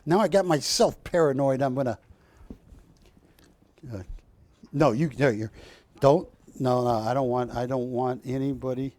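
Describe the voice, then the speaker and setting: Hosting a live shopping channel show from a studio, this man sells art prints while chatting and joking with his crew, often wandering into rambling asides. His voice sits at medium pitch with a darkish tone, and he talks a little slowly with frequent pauses. It's a live TV sales pitch.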